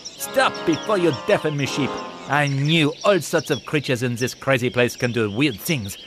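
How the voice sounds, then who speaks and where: A man's voice: medium pitch, moderate pace, close to an everyday voice. A man voicing a pompous, snooty male pelican musician who speaks haughtily, with music behind. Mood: scornful. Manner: haughty, scornful.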